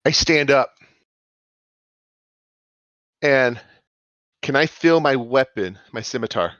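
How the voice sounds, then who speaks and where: A man's voice: mid-range voice, lively intonation, slow, fairly bright tone, dry recording. A man playing in a tabletop game, earnest and questioning. His voice comes over a dull, lo-fi online chat line with a dry sound. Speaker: player.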